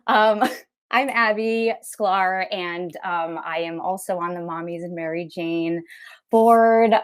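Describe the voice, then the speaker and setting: A woman introduces herself slowly on a video call panel. She hesitates often and fills the gaps with many ums. Her pitch sits in the middle range. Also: smooth. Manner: slow, hesitant, many fillers. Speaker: panelist, board member.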